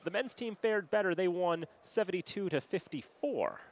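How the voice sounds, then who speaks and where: A man's voice: sits high, lively intonation, moderate pace. Young male hockey play-by-play commentator. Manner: stat-heavy, conversational, shouts on goals. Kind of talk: sports broadcast commentary.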